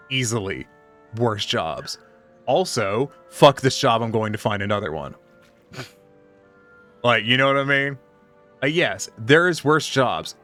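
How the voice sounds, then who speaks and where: A man's voice: medium pitch, bright, forceful tone. A man streaming live, telling a profane, exasperated story in casual chat.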